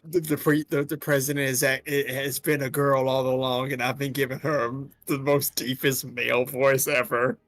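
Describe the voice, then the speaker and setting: A man's voice: medium pitch, little pitch movement, normal speed, few pauses, a bit bright, dry recording. A man chatting casually and jokingly while voicing game scenes on a stream, with faint music behind. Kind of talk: casual chat.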